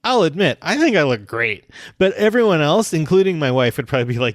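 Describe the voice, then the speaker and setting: A man's voice: on the high side, sing-song, fast, hardly any pauses, no room sound, clean studio sound. A man from Edmonton with an Edmonton accent, co-hosting a podcast in casual, self-deprecating chat. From Edmonton, Canada. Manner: self-deprecating, jokey, puts on quoted voices. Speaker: podcast co-host.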